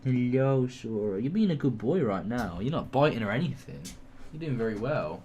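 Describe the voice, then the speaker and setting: A man's voice: medium pitch, sing-song, brisk, darkish tone, highs cut off, slight background noise. A young man chatting casually on a stream at home, swearing a lot and cooing at his dog. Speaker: gaming stream co-host. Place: home room.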